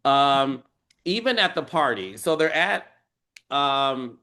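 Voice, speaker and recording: A man hosting a casual reality-TV recap chat, animated and dramatic, acting out quoted lines in squealing voices. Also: medium pitch, takes it slowly. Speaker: podcast host.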